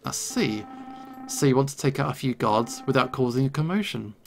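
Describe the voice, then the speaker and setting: A man's voice: mid-range voice, animated, normal speed, creaky, soft background music. A man voicing a friendly woman shopkeeper who brews potions in a video game, speaking in an easygoing, knowing way.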